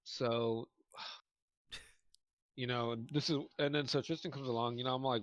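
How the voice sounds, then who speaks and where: A man's voice: mid-range voice, steady tone, unhurried, pauses often, a bit bright, no room sound. A young man co-hosting a podcast, telling a long story in casual chat, rambling with lots of fillers and restarts while eating. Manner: eats while talking. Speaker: podcast co-host.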